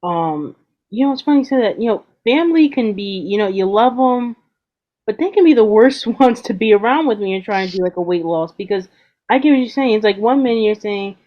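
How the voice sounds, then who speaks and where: A woman hosts a casual interview, answering her guest with sympathy and her own take. Her voice sits at a middle pitch. The recording sounds dull and lo-fi. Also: expressive, brisk. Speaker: host. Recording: dull lo-fi audio.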